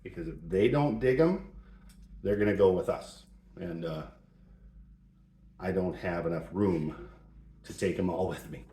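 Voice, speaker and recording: A man's voice: low-pitched, unhurried, long pauses, mellow. A middle-aged man hosting a joking advice talk, playful and mock-serious, in a home shop. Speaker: host. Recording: roomy echo.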